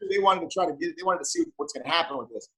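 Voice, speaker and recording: A man, a police officer and martial arts black belt, telling animated stories in a casual interview and acting out the dialogue. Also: a little high, racing, echoey room.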